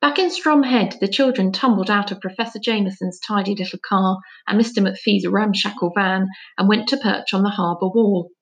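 Lady reading a kids' book aloud, steady, middle pitch. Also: gravelly. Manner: steady narration, lighter on dialogue tags. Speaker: reader.

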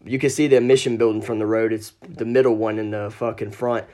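A man's voice: fairly low pitch, quick pace. Profane man telling a ghost story. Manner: profane, animated storytelling with quoted dialogue. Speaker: podcast guest. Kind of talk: casual storytelling.

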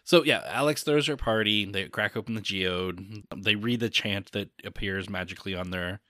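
Low-voiced man, rambling movie recap. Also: moderate pace, bright, forceful tone, no echo, studio quality. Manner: rambling, self-correcting, chuckles often. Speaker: podcast co-host. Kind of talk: casual chat recapping a movie.

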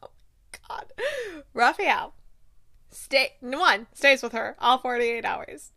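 Gushing, bright-voiced young woman. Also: fairly high pitch, takes it slowly. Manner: gushing, excitable, exclamatory. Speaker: podcast host. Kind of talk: casual TV recap chat.

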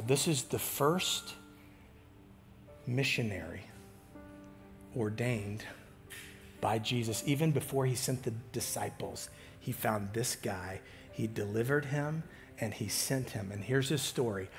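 A pastor preaching a sermon, swinging from loud emphatic lines to hushed near-whispers, with halting restarts. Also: male voice, medium pitch, soft background music.

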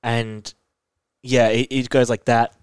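A man in casual conversation, retelling a TV episode in lively detail. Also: medium pitch, takes it slowly, clear, resonant tone, dry recording. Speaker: podcast co-host. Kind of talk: casual chat recapping a TV episode.

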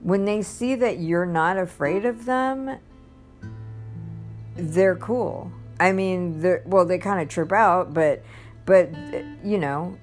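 A woman's voice: lowish voice, slow, faint music behind. A woman telling her personal testimony in a casual, rambling way, with many restarts and bursts of laughter. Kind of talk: casual storytelling.

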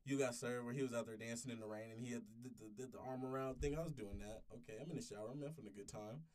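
Speaking rapid-fire at medium pitch with a darkish tone, a podcast storyteller in his twenties rambles through a long story in casual chat, swearing and restarting often. The voice sounds far from the mic.

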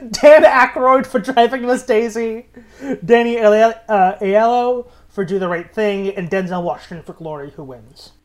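Guy hosting a movie podcast, dry deadpan jokes, reads off the nominee lists. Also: sits high, moderate pace. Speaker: podcast host. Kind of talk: casual film podcast chat.

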